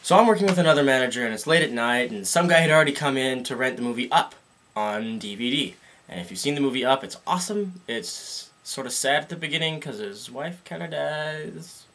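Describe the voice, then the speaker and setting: A man's voice: medium pitch, brisk. A young man delivering a sarcastic, comic rant as a vlogger. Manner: sarcastic, animated, jumps into funny voices.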